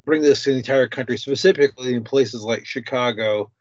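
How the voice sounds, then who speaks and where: Hesitant mid-pitched man, dry lo-fi. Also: a little fast, dry recording. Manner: hesitant, many uh and restarts. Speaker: guest. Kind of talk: talk show conversation. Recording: dry dull lo-fi sound.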